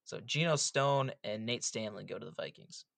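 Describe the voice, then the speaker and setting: A man's voice: fairly low pitch, moderate pace, creaky, fairly bright tone, dry recording. A young man co-hosting a casual sports podcast, recapping draft picks with light teasing. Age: young adult. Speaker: podcast co-host.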